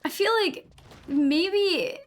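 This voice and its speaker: A woman's voice: very high-pitched, extremely slow. A young woman with a New England accent chatting casually while gaming on a live stream, rambling, saying "like" a lot and swearing freely.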